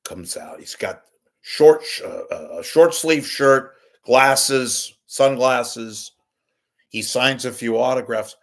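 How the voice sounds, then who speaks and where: A middle-aged man hosting a talk show, telling a casual, animated, self-deprecating story. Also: mid-range voice, slow pace, gravelly. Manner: animated, self-deprecating storyteller who acts out his own yelling. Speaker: podcast host.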